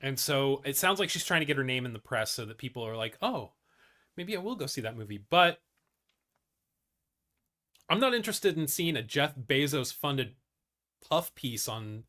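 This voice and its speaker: A man's voice: medium pitch, lively intonation, moderate pace, long pauses, sharp tone. A man hosting a casual news commentary show, reading articles aloud with blunt, profane asides and many fillers and restarts.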